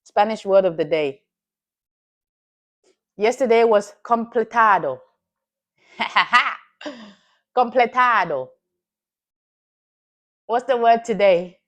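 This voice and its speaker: Woman, stream host, casual chatty delivery, teasing and quick to laugh. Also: a little high, a bit bright. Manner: laughs often, playful and teasing with chat. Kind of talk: casual live-stream chat.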